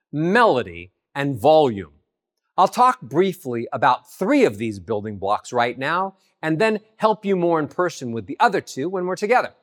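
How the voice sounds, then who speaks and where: A man giving a voice lesson, teaching in an animated way and swooping high and low in pitch to demonstrate. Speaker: voice coach. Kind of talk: spoken voice lesson.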